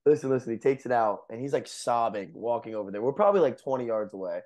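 A man's voice: mid-range voice, expressive, fast talker, a little mellow. A young man on a podcast telling a story in a casual, rambling way, full of fillers and laughs. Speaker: podcast co-host.

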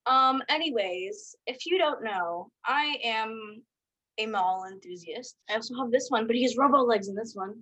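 A woman's voice: a little high, normal speed, bright, forceful tone, rough recording. Playful giggly young woman podcaster. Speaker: podcast co-host. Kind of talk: casual chat.

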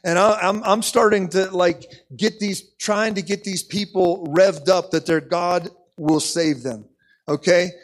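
Male preacher, high voice, animated sermon storytelling, repeats words. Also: unhurried. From United States.

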